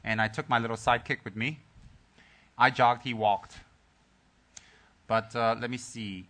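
Man teaching Dharma, bright forceful voice. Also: mid-range voice, unhurried. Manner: joking banter then calm, soft storytelling. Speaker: Buddhist teacher.

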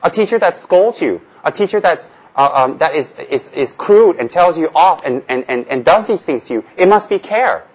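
A man's voice: a little high, animated, normal speed, hardly any pauses, husky, rough recording. A man from Tibet teaching as a Buddhist teacher in a casual Dharma talk, joking and asking rhetorical questions, often repeating phrases.

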